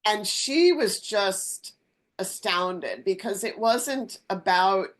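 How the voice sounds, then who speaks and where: A middle-aged woman, a company founder, speaking in a conversational interview and telling animated anecdotes with acted-out dialogue. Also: mid-range voice, slow pace.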